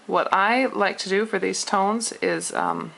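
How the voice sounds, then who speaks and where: A woman's voice: medium pitch, measured pace, creaky, a bit bright. A young woman teaching Mandarin tones in a casual spoken lesson, patiently counting numbers aloud to demonstrate. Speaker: Mandarin tutor.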